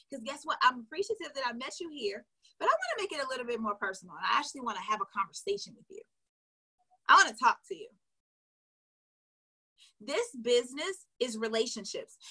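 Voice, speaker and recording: Woman, sales coach, live from home; high, bright, breathy; energetic, chatty, direct. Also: low-quality recording. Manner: energetic, talks straight to viewers; casual and chatty, says y'all. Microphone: livestream on a video call platform.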